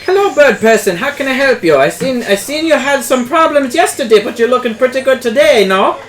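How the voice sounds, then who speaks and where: A man's voice: very high-pitched, expressive, brisk, roomy sound, slight background noise, pitched above the performer's own voice. A man voicing a friendly male magic shopkeeper in a tabletop game, with folksy, upbeat sales patter.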